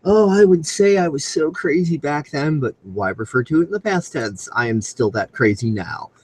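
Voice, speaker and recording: A man's voice: a little high, expressive, normal speed, husky, low-quality recording. Goofy crude man rambling on a live stream. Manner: loud comic outbursts and squealed voices. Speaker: comedy show host. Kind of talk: solo comedic commentary over screen share. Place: alone at home on a live video stream. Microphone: computer mic on a video call.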